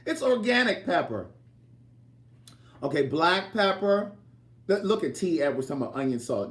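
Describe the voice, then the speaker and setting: A man talks casually to his livestream viewers while he cooks. His voice sits a touch high and swings up and down with lively energy. The home kitchen around him sounds roomy and echoey. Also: normal speed, long pauses. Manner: chatty, teasing, reads viewer comments aloud.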